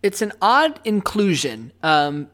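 A woman's voice: fairly low pitch, big pitch swings, slow, fairly bright tone. A woman co-hosting a podcast in casual chat, chatty and self-deprecating, laughing often. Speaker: podcast co-host.

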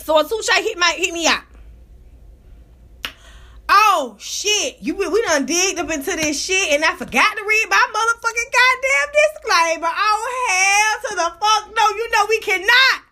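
A woman's voice: very high-pitched, lively intonation, normal speed, bright, forceful tone. A young adult woman hosting a casual commentary podcast, talking in a brash, profane, laughing storytelling manner. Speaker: podcast host.

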